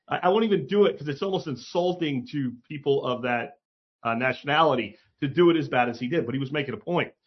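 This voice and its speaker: A man's voice: fairly high pitch, muffled recording. A man hosting a casual opinion monologue, talking bluntly and sarcastically, with frequent swearing and emphatic asides. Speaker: commentary host.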